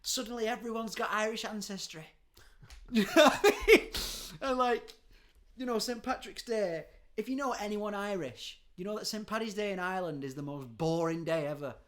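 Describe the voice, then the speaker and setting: A man, hosting a casual comedic chat, telling stories with swings between hushed and loud delivery and frequent swearing. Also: high voice, moderate pace. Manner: animated storytelling, swears freely, laughs often, drops to a hushed tone. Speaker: podcast host.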